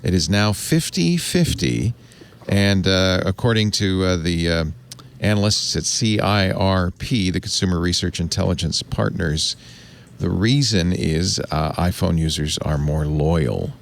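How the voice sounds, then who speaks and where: A man hosting a casual tech panel discussion, measured, pausing often with "uh" as he moves the talk along. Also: low voice, gravelly. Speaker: podcast host.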